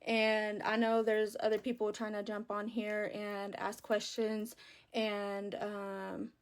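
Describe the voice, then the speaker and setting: A young adult woman chats casually with viewers on her phone livestream, full of fillers and relaxed Southern phrasing. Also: mid-range voice, slow, clear, resonant tone. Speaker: livestream host. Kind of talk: casual live stream chat.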